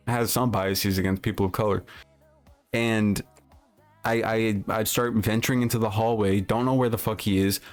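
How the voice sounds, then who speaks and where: A man's voice: medium pitch, a little mellow. A man livestreaming, chatting loosely with his viewers and telling a rambling, swear-laden story full of restarts. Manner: rambling anecdote with profanity and frequent restarts. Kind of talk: casual livestream chat, reacting to chat.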